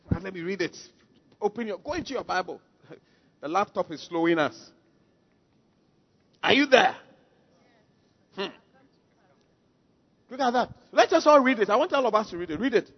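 A man preaching a sermon. He is emphatic, swings from quiet asides to shouted calls, and keeps asking rhetorical questions. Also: sits high. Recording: dull lo-fi sound with long hall reverb.

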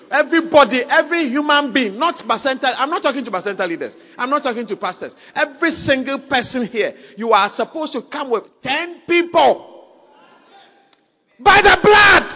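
A man pastor preaching a sermon at a church service, emphatic and repetitive, leading the congregation in shouted call-and-response. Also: extremely high pitch, expressive, normal speed, dull audio.

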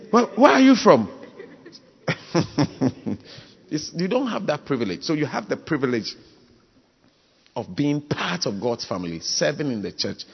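Pastor guy preaching, keeps asking do you understand, echoey dull church audio. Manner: repetitive, asks listeners if they understand; mimics high voices for humor. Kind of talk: preaching sermon. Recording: dull, reverberant hall.

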